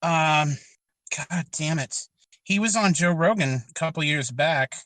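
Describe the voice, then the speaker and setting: A man's voice: fairly high pitch, unhurried, fairly bright tone, no echo, rough recording. A man hosting a casual podcast, asking long questions with frequent stumbles and restarts.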